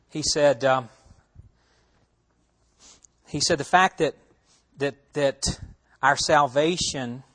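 A pastor with a fairly bright voice on the high side teaches a Bible passage in an expository sermon. He's conversational, asking his listeners questions and repeating himself as he works through it.

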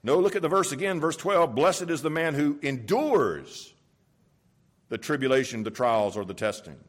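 A man's voice: a little high, animated, normal speed. A man preaching a sermon in a conversational, storytelling way, stressing points by repeating them. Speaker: pastor.

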